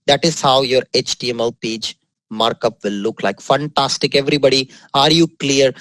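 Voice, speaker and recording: Teaching code over a screen recording, this Indian English-accented trainer stays upbeat, praising often and going back over the main points slowly. He speaks at medium pitch with a slightly bright tone, and the low-quality audio has no room sound.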